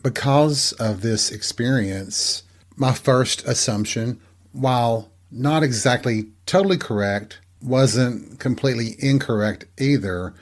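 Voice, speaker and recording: A middle-aged man hosting his own show, telling a candid personal story in a self-deprecating, conversational way. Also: medium pitch. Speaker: podcast host.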